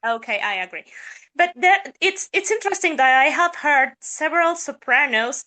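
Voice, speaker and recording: A woman's voice: high-pitched, lively intonation, normal speed, bright, forceful tone. A woman co-hosting a casual chat who laughs lightly as she talks. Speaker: podcast co-host.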